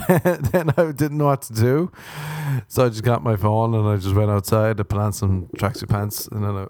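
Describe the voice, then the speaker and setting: A man's voice: lowish voice, normal speed, a little mellow, no echo. A man hosting a podcast, rambling through comic stories about himself and laughing often. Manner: rambling, self-mocking storyteller who laughs often. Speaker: podcast host. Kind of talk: comedic podcast monologue.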